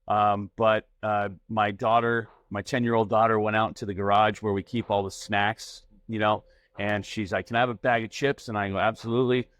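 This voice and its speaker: A man's voice: fairly low pitch, level tone, moderate pace, fairly bright tone. A middle-aged man co-hosting a podcast, telling a family story in casual chat and acting out the dialogue. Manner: anecdotal, acts out family dialogue. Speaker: podcast co-host.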